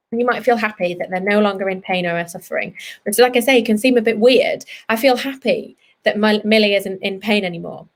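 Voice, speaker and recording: A woman vet giving a gentle, reassuring lesson to children, talking straight to them in an earnest way. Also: fairly high pitch. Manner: soft, reassuring and earnest, talks straight to kids.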